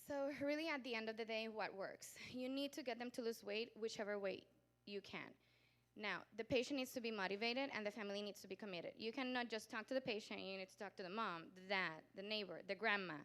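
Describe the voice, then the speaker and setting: A woman doctor giving a lively conference lecture, acting out patients and relatives and laughing often. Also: medium pitch, a little fast. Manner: animated storyteller, acts out patients and family; laughs often, talks with growing volume. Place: conference hall.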